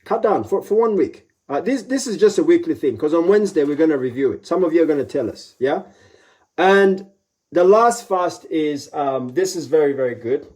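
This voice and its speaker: A man's voice: a little high, expressive, moderate pace, darkish tone. A middle-aged man giving a live motivational talk, repeating his advice with emphasis and acting out little voices for effect. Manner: repetitive, emphatic advice with playful voiced asides. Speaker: motivational speaker.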